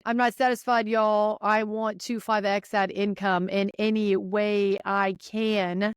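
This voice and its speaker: A young woman hosting her podcast, giving listeners an energetic, chatty pep talk and speaking right to them. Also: mid-range voice, takes it slowly, smooth, no room sound, studio quality. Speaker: podcast host. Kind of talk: casual motivational monologue.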